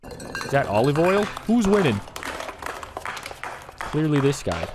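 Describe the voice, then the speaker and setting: A man's voice: on the high side, very animated, slow pace, a crowd in the background, background noise. A man joking his way through comic reaction commentary on viral videos, playful and exclamatory.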